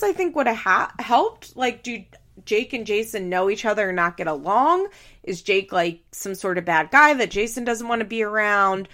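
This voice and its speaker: Chatty laughing woman recapping. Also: medium pitch. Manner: animated, laughs often, mimics people in quotes. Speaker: podcast host recapping a reality show. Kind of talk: casual recap chat.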